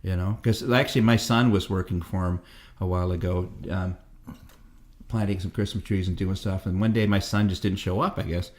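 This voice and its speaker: A man's voice: low-pitched, steady tone, brisk, a little mellow. A man in his fifties, a guest musician in a casual interview, telling rambling stories and swearing freely. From Canada. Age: 50s. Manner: profane, rambling storyteller.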